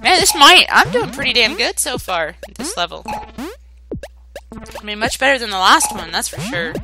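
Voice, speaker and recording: Young woman let's-player, high lively voice, cusses freely, loud game music under her. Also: unhurried, low-quality recording. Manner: excitable, swears and yells at the game. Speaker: gaming channel host. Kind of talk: let's play commentary.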